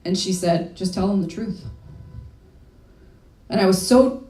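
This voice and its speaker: A woman's voice: mid-range voice, unhurried, dark tone. A young woman talking candidly and emotionally in a personal story talk, with casual swearing. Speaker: speaker. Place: event hall. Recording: echoey room from far off.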